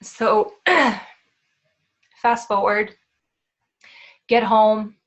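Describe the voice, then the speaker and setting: Woman host, 30s, candid first-person storyteller, mid-pitched, conversational. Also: expressive. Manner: candid, quick restarts, often says "like" and "right?". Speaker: podcast host.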